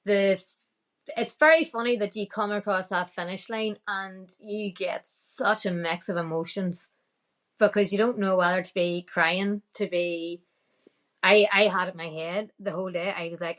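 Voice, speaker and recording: A woman's voice: mid-range voice, steady tone, normal speed, a bit bright. A woman with a Northern Irish accent, a podcast guest telling a story casually, quoting her own thoughts and laughing often.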